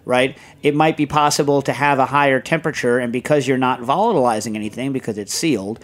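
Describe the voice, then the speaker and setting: A man's voice: medium pitch, fast. Rambling, digressive male podcast host. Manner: rambling, digressive, heavy on fillers. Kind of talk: casual chat.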